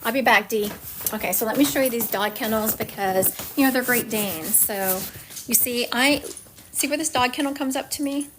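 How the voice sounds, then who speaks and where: Chatty higher-voiced woman medium. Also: moderate pace, background noise. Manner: chatty, digressive, jumps between stories. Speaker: psychic medium. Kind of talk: live-stream psychic reading and casual chat. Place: at home.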